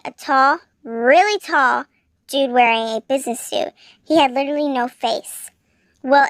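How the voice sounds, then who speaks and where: A woman's voice: sits high, dry recording. A woman reading a fanfiction story aloud in plain storybook narration. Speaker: fanfiction reader.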